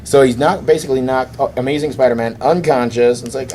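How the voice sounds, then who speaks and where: A man hosting a podcast, casually retelling a comic story as a lively storyteller. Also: medium pitch, fast talker, few pauses, slight background noise. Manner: lively storyteller who acts out quoted lines. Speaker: podcast host.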